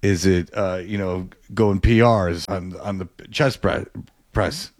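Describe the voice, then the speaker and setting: Low-voiced man in rambling banter. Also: slow pace, a little mellow, no room sound, studio quality. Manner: rambling, jokey, trails off and restarts. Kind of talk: casual chat.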